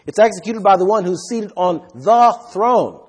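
A man's voice: sits high, expressive, normal speed, husky. A man preaching a sermon with emphasis, often putting questions to his listeners.

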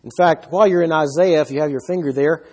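A man with a slightly husky, somewhat higher voice gives a Bible study lecture. He explains the verses step by step and keeps putting rhetorical questions to his listeners. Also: quick pace, darkish tone. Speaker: Bible teacher.

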